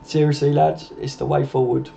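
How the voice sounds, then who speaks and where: A man's voice: a little high, flat delivery, moderate pace, vocal fry, mellow, a little hiss or hum. A man with a chatty, laddish manner, hosting a casual live stream and replying to viewers' comments. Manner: laddish, chatty, swears, laughs often, reads out comments. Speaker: live-stream host answering chat. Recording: dull lo-fi stream audio.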